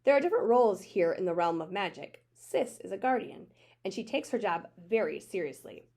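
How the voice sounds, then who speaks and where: Stern older woman voiced by a female reader, children's storybook, brisk, commanding, matter-of-fact. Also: medium pitch, expressive, a little mellow. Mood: firm. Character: stern but loving older woman, a magic guardian. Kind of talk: reading a children's book aloud.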